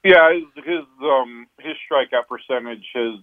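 A man's voice: mid-range voice, measured pace. A man, a baseball reporter, analyzing a player in a radio phone interview, often restarting his sentences. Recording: tinny phone line.

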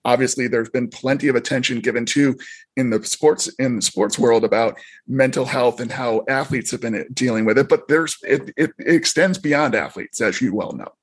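A man's voice: mid-range voice, moderate pace, slightly rough. A man interviewing a guest, asking long, winding questions with some restarts.

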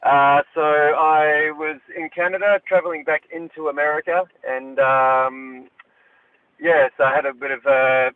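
A man calls in to a radio show and tells a story in a relaxed, rambling way. His voice sits slightly high and comes through a tinny phone line. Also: a little slow. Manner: laid-back, rambling storytelling. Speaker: caller. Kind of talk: phoned-in anecdote.

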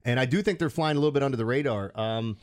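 A man's voice: medium pitch, very fast. A man co-hosting a sports radio show, rambling and laughing in casual banter.

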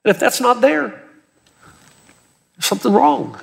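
A man's voice: extremely high pitch, huge pitch swings, measured pace, gravelly, big-room sound. A man preaching a sermon as pastor, earnest and emphatic, with urgency that builds as he presses his points.

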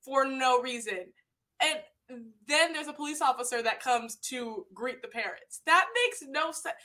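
A woman in a group discussion, speaking with forceful indignation. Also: high-pitched, a little slow.

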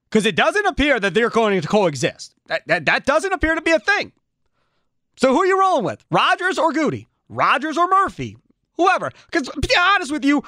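A man's voice: very high-pitched, pushed and bright, no room sound, studio quality. A man hosting a sports talk radio show, ranting in a fired-up way and firing off repeated rhetorical questions.

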